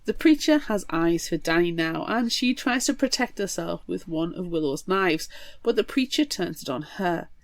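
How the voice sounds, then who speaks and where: A woman co-hosting a book podcast, retelling a horror novel in a lively, swearing, dramatic way. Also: lowish voice, normal speed, no echo. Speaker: podcast co-host. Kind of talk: casual book recap chat.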